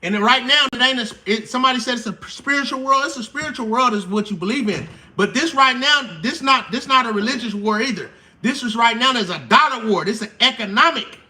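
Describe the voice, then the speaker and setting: A man's voice: extremely high pitch, fairly quick, few pauses, sharp tone, recorded from a distance. A man hosting a casual livestream, talking in slangy, profane speech and repeating his points to drive them home. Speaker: channel host.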